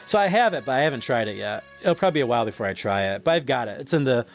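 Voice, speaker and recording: A man hosting a live game stream, casually chatting and reading viewer comments aloud, laughing often and stumbling over his words, his voice getting a bit hoarse. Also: mid-range voice, animated, rapid-fire, faint music behind. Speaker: streamer host reading chat.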